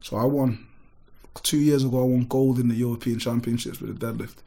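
A man, a gym owner telling stories in an animated, emphatic way full of street on a casual podcast. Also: mid-range voice, fairly quick, gravelly. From Britain. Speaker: gym owner and powerlifting guest.

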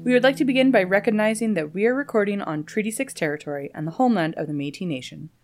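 A woman's voice: mid-range voice, fast, soft background music. A woman, co-hosting a podcast in casual chat and telling stories playfully. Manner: playful, animated storytelling. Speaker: podcast co-host.

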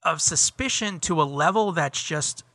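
Bright, heated middle-aged podcast ranter. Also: male voice, a little high, moderate pace, no room sound. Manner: rambling, profane, heated ranting with many fillers. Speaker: podcast co-host. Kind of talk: casual chat.

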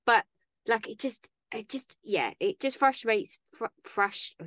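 A woman's voice: on the high side, lively intonation, measured pace, fairly bright tone, no room sound, studio quality. A woman co-hosting a podcast in casual chat, sarcastic and chatty, tripping over words now and then. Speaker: podcast co-host.

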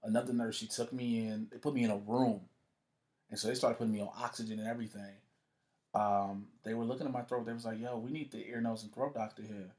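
A man's voice: on the low side, quick pace. A man telling a story in a casual conversation as a guest, cursing freely and acting out the voices of the people he quotes. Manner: profane, animated, acts out quoted voices.

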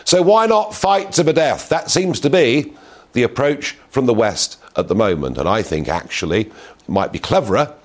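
A man's voice: mid-range voice, very animated, moderate pace. A middle-aged man hosting an opinionated talk show, asking emphatic rhetorical questions. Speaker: host.

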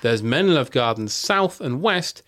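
A man hosting a podcast, telling a true story in casual chat with wry, deadpan asides. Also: medium pitch, measured pace.

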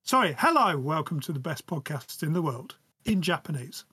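A man co-hosting a comedy podcast, talking in a deadpan, mock-confident way. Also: fairly high pitch, moderate pace, slightly rough, no room sound, studio quality. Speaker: podcast co-host. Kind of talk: casual comedic chat.

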